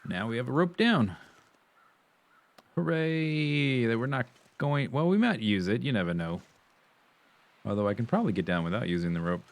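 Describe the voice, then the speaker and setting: A man's voice: lowish voice, big pitch swings, brisk. A man streaming a survival game, chatting casually and playfully to himself, sometimes humming nonsense sounds. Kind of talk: casual gameplay commentary.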